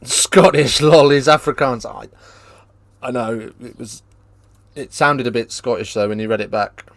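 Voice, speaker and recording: A man hosting a live rugby watchalong, chatting casually with viewers and breaking into excited play-by-play. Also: mid-range voice, a little slow, creaky, no room sound. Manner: casual, banters with live chat, lifts into excited play-by-play on tries. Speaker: watchalong host. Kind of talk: live watchalong commentary and chat.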